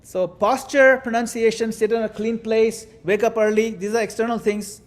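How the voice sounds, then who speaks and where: Speaking at a moderate pace in a fairly high voice, a man teaching a devotional class comes across as animated and demonstrative. As a spiritual teacher, he acts out points and slips in playful remarks along the way.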